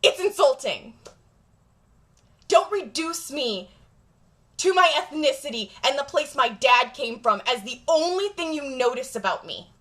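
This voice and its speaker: A woman's voice: high-pitched, animated, unhurried, sharp tone. A woman vlogger talking straight to camera in a blunt, profane, emphatic rant. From Jamaica.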